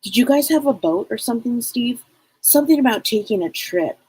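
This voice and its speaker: Husky-voiced woman hosting a chatty live stream. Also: a little high, expressive, a little fast, mellow, rough recording. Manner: chatty, greets viewers by name, rambling with fillers. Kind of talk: casual live-stream chat.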